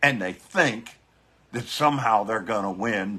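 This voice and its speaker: A man's voice: on the low side, measured pace, pushed and bright, a little hiss or hum. A man doing a profane live-streamed political rant to his viewers on his phone, fiery and swearing, repeating his catchphrases. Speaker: biker vlogger.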